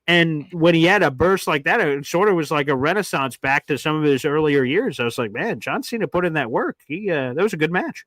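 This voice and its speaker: A man's voice: on the high side, brisk, few pauses, no echo. A male sports show host in casual chat, telling stories animatedly and acting out the quotes. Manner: animated storyteller who acts out quotes.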